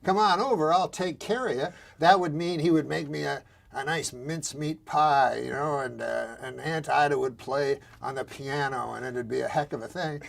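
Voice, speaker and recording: A man telling jokes in a deadpan, rambling way, now and then chuckling at his own lines. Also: medium pitch, moderate pace, creaky, few pauses. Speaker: comedian. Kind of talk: deadpan news jokes and talk-show storytelling.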